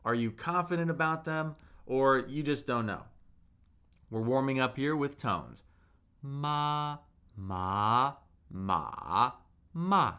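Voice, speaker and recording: A man's voice: medium pitch, lively intonation, unhurried, a bit bright, smooth. A young man teaching Mandarin tones in a live-streamed lesson, drilling syllables aloud and checking in with viewers in the chat.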